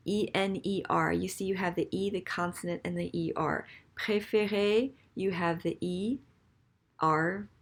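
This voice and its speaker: A woman giving a recorded French grammar lesson at an unhurried, measured pace. She explains patiently, stops to spell out letters one by one, and carefully sounds out each French example. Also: on the low side. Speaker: French teacher.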